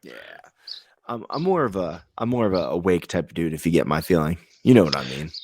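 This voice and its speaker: Brief: man from Vermont, low voice, dry close sound, rambling profane podcast banter. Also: animated, brisk, a little mellow, dry recording. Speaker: podcast co-host. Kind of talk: casual chat.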